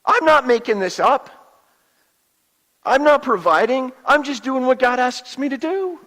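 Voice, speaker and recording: A male pastor voicing an angry prophet leader, scolding with rhetorical questions, louder and higher than his narration. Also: expressive, unhurried, heavily acted. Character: stern angry prophet leader, older man. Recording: long hall reverb.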